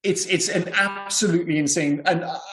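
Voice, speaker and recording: A man's voice: sits high, fairly even intonation, brisk, fairly bright tone, echoey room, faint music behind. A man co-hosting a podcast, talking casually and rambling about a film with lots of "you know" and "yeah". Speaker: podcast co-host.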